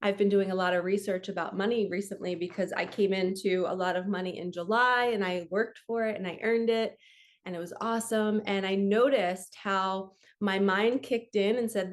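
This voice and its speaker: A woman who works as a spiritual coach, reading from a book and talking it through in a gentle, earnest way. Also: mid-range voice, fairly even intonation, normal speed. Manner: gentle, earnest, laughs easily. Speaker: spiritual coach and card reader. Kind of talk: casual reading aloud from a book with commentary. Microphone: camera.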